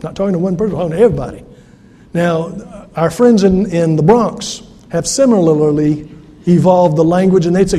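A man's voice: high voice, moderate pace, dark tone, big-room sound. A pastor from South Carolina, preaching an earnest, conversational sermon to his congregation in a church. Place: church sanctuary.

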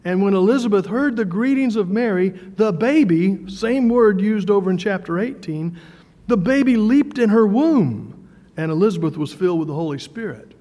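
A man preaching a sermon in a conversational way, with fillers and repeated words, slowing down for emphasis. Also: high-pitched, expressive, warm tone. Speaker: pastor. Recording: long hall reverb.

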